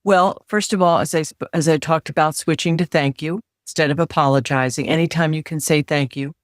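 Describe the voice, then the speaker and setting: A middle-aged woman coaching on confidence in an interview, measured and instructive, repeating key phrases for emphasis. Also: low-pitched, steady tone, no room sound, studio quality. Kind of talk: advice in interview.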